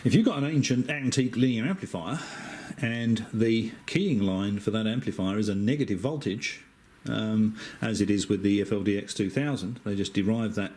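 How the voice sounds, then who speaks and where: A man's voice: fairly low pitch, normal speed, hardly any pauses, a little hiss or hum. Chatty Australian man explaining circuits. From Western Australia. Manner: relaxed, chatty, with frequent hesitations and dry asides. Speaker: amateur radio operator. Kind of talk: casual technical explanation.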